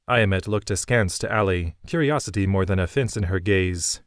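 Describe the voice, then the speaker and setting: Low-voiced man narrating a fantasy novel. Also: normal speed, few pauses, smooth, no echo, studio quality. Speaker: audiobook narrator.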